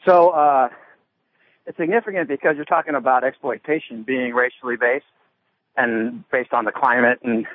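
A man's voice: medium pitch, steady tone, moderate pace. A man calling in to a radio show while working out, a little out of breath. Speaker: radio caller. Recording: tinny phone line.

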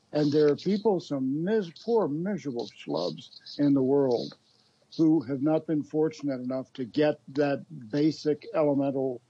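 An earnest, reflective man who talks haltingly, his voice husky and warm and a little higher than most men's. The sound is dull and lo-fi. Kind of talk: casual political chat.

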